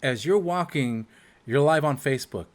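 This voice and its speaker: A man's voice: mid-range voice, expressive, moderate pace. A man hosting a casual chat, talking in a chatty way with many fillers. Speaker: host.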